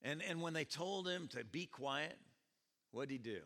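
A man pastor preaching a sermon at a church service, animated and questioning his congregation as he tells the story. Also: fairly high pitch, moderate pace, gravelly. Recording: echoey church hall.

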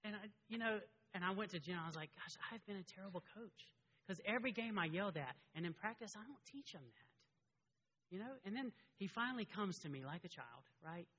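A middle-aged man preaching a sermon as a pastor, conversational and animated, often restarting his sentences. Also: sits high, brisk, slightly rough. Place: church sanctuary. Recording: long reverb of a large hall.

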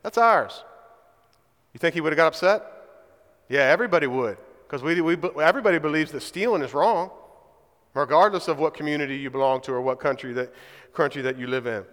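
High-voiced preacher in a reverberant hall. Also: male voice, fast, a bit bright. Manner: emphatic, keeps asking "right?" for agreement. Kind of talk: sermon.

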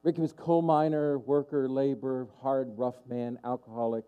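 A man's voice: mid-range voice, flat delivery, normal speed, clear, resonant tone, narrow, tinny audio. A man pastor preaching a sermon, stirring and passionate, calling out to the congregation. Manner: impassioned preaching with call-and-response asides.

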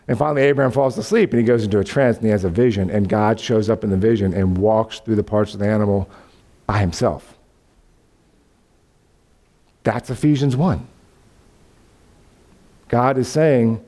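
Animated male preacher with a lively voice. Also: mid-range voice, a little fast. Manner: animated storytelling, acts out voices of God and Abraham, laughs. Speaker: pastor. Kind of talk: sermon.

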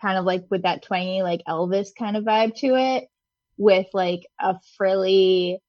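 A woman's voice: medium pitch, steady tone, measured pace, no echo, highs cut off. A woman in her thirties co-hosting a podcast in casual chat, laid-back and full of fillers. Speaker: podcast co-host.

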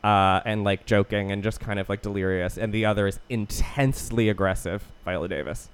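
A man with a somewhat low voice chats on a podcast, walking through a film's story in a relaxed, unpolished way. He swears freely and restarts his sentences often as he goes. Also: brisk, clear, resonant tone. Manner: loose, profane retelling of a plot with many restarts. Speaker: podcast co-host. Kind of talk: casual film chat.

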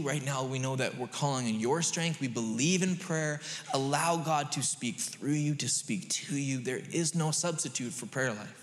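A man preaching a sermon as a pastor, conversational and animated, rising to emphatic peaks. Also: a little high, unhurried, few pauses. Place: church sanctuary. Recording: long reverb of a large hall.

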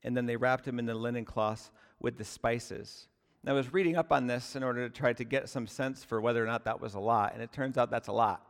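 A man's voice: medium pitch, brisk, big-room sound. A male pastor delivering a sermon, conversational and earnest, often asking the congregation rhetorical questions.

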